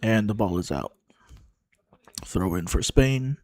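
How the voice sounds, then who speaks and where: A man giving casual live play-by-play of a football match for a watchalong, slow and halting, pausing and musing between calls. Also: fairly low pitch, darkish tone, no echo. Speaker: watchalong commentator.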